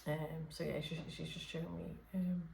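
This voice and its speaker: In a soft-voiced, unscripted late-night session, a woman acting as a medium hesitates and restarts amid many fillers. Her low, gravelly voice holds a level tone at moderate pace, the room sounds roomy, and there's a slight hiss or hum.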